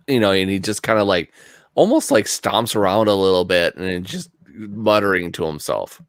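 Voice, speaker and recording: A man's voice: sits low, normal speed, fairly bright tone, no echo, studio quality. A man playing a tabletop game, mumbling and hesitant as he describes his character. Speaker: player.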